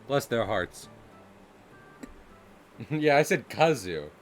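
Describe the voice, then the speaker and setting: Soft music plays behind a livestreaming artist who draws and chats, meandering, giggling, and frequently laughing before restarting his thoughts. His voice is medium in pitch and expressive, and he speaks extremely slowly.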